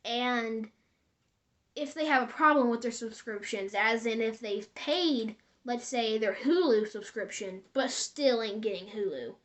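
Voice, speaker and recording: Casual female storyteller for spooky tales, chatty and rambling, slightly high. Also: measured pace. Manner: rambling, conversational, addresses viewers directly. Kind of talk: casual spoken horror storytelling.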